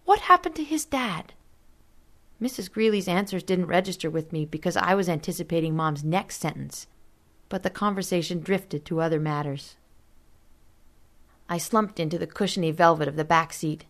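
A woman reading a story aloud as narrator in a steady, measured way. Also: lowish voice. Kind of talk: audiobook narration.

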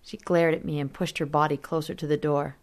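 A woman reading a story aloud as narrator in a steady, measured way. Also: low voice. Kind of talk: audiobook narration.

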